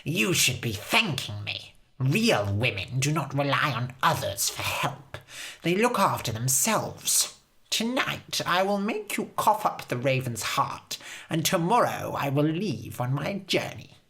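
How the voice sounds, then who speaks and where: A cruel old witch from a storybook, as a woman reader puts her on, cold and scornful as she gives orders. The voice sits very low yet has a bright, hard edge. Every line comes out commanding and contemptuous. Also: very animated, unhurried, creaky, exaggerated voice.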